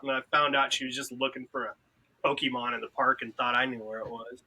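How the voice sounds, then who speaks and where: A man in a casual podcast chat, an animated storyteller who acts out what others said. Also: mid-range voice, quick pace, slightly rough. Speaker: podcast participant.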